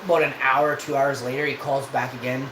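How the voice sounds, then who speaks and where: A live streamer spins a loose, profane anecdote in an easy, rambling way. His voice sits at an ordinary pitch for a man. It bounces around an echoey room with steady background noise. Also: brisk. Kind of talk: casual storytelling on a stream.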